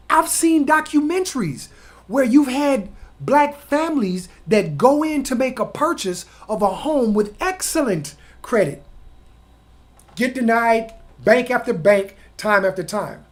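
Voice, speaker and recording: A man hosting his own channel, delivering an opinion monologue in an emphatic, lecturing way with rhetorical questions. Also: sits high. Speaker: channel host.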